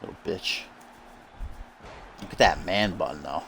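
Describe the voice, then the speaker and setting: Low-voiced joking male commentator. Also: measured pace, creaky, fairly bright tone, soft background music. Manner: joking, profane, laughs often. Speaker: host and commentator. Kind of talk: casual let's-play wrestling commentary.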